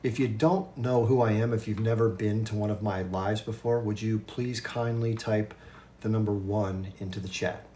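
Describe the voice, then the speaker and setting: A man in his fifties hosting a livestream and chatting casually with viewers, talking fast with restarts and quick asides. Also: fairly low pitch, steady tone, warm tone, slight background noise. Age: 50s. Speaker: livestream host.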